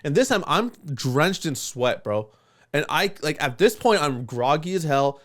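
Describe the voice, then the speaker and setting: Animated, cussing young man telling a story. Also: a little high, measured pace. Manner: animated storyteller, swears often, laughs through lines. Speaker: podcast co-host. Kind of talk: casual storytelling chat.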